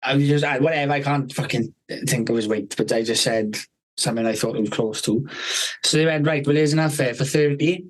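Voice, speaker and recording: A man, hosting a podcast, who tells a rambling, animated story, swearing constantly and laughing partway through. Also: medium pitch, brisk, poor audio. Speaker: podcast host. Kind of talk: casual storytelling chat.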